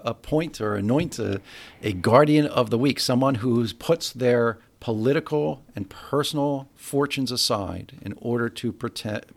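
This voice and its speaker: A man hosting a casual political talk show, measured as he steers the segments. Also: mid-range voice, gravelly, fairly bright tone. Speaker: podcast host.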